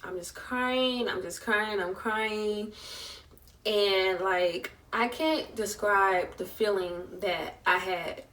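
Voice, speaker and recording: A woman's voice: mid-range voice, takes it slowly, fairly bright tone, recorded from a distance. A young woman, telling an emotional personal story in a vlog and acting out the voices of the people in it. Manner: chatty, emotional retelling with voiced quotes. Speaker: vlogger.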